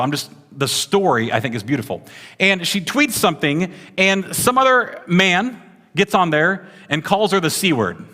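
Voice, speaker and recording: A pastor preaches to his congregation in a slightly high, sharp-toned voice, and the sound fills a big room. He keeps it conversational, talking with the listeners and checking in often with "right?"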